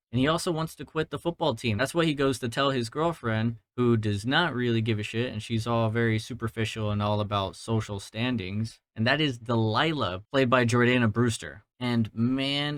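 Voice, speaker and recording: A man's voice: medium pitch, no echo. Young male podcast host from Georgia, casual profane movie talk, resonant tone, dry close mic. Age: 20s. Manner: rambling, profane, self-deprecating. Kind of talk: casual movie review monologue. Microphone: mounted podcast mic.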